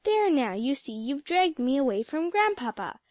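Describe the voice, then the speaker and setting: A woman's voice: sits high, sing-song, moderate pace, a little mellow, no echo, lo-fi sound. A woman voicing an affectionate, earnest young girl who speaks pleadingly.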